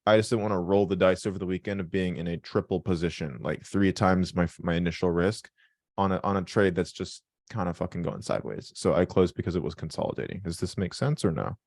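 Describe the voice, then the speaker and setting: A man hosting a live trading call, with a very low voice. He talks bluntly, cracks jokes and swears casually. The recording is dry and close. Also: steady tone, brisk, darkish tone, no room sound. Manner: blunt, joking, swears freely.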